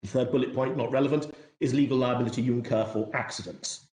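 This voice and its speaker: A man in court as a barrister, making formal, measured legal submissions with courteous, self-deprecating asides. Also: medium pitch, steady tone, a little mellow, reverberant.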